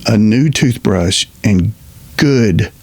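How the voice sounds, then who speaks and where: A middle-aged man, a retired veterans' representative, speaking earnestly in a halting personal monologue full of restarts. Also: fairly low pitch, animated, a little mellow, slight background noise. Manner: earnest, halting storyteller with many restarts and fillers.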